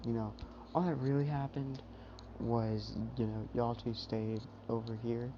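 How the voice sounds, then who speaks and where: A man's voice: medium pitch, a little fast. A young man casually retelling a fan story on YouTube, rambling and full of fillers. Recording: dull, noisy home mic.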